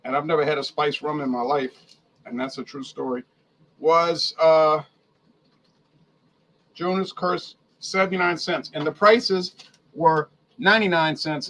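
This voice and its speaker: A chatty man co-hosting a relaxed casual chat, his voice slightly high. He goes through things one at a time in a plain, talkative way. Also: unhurried, long pauses, a little hiss or hum, low-quality recording. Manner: chatty, lists items and prices off one by one. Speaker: co-host.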